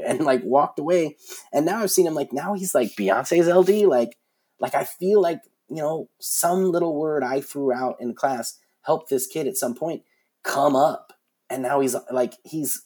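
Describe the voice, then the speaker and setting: Man, forties, husky, animated storyteller, lots of fillers and restarts, casual interview guest. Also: mid-range voice. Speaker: concert production guest.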